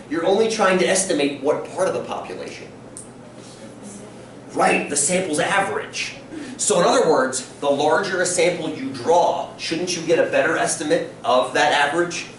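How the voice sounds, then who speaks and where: High-voiced man lecturing in echoey classroom. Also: far from the mic, a little hiss or hum. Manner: lively, quizzing students often. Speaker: statistics teacher. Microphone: distant room recording.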